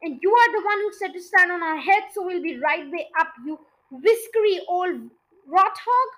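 A woman's voice: extremely high pitch, lively intonation, moderate pace, a bit bright. Girl reader doing a screaming old hag. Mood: furious. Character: nasty old woman screaming at her husband.

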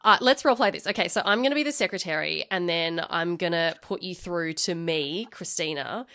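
A woman's voice: on the low side, fairly quick, fairly bright tone. A woman hosting a podcast interview, asking questions eagerly and enthusiastically. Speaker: podcast host. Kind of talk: conversational interview.

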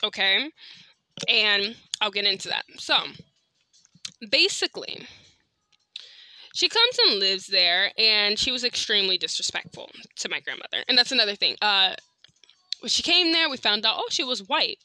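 A woman hosting a podcast, telling a story in a blunt, animated, slangy way straight to her listeners. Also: medium pitch, moderate pace, long pauses, no room sound. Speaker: podcast host. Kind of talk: casual storytelling monologue.

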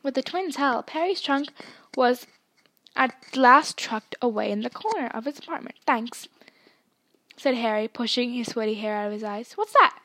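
High-voiced woman reading a story aloud. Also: moderate pace. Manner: expressive storytelling, doing character voices. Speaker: audiobook reader.

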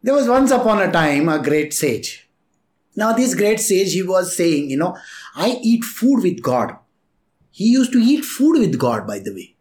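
A man tells a spiritual story in a relaxed, chatty way, chuckling often and slipping into the voices of the people in it. His pitch rises and falls widely. The sound is echoey, as if in a bare room. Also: moderate pace.

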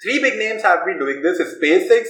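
A man's voice: high voice, lively intonation, normal speed, a bit bright, reverberant. A man co-hosting a casual podcast chat, repeating words as he restarts and chuckling at asides. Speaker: podcast co-host.

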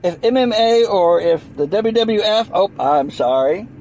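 A man's voice: high voice, lively intonation, unhurried, darkish tone, a little hiss or hum, poor audio. A man rambling through a sarcastic comic monologue, full of restarts and mock voices. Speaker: comedian. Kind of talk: rambling stand-up style monologue.

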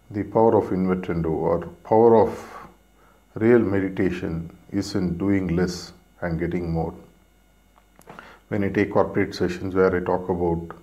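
A meditation teacher talks in a reflective, storytelling way. His voice is very low, and his delivery is hesitant and peppered with fillers. He relates the story at an easy, unforced pace. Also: gravelly, a little mellow.

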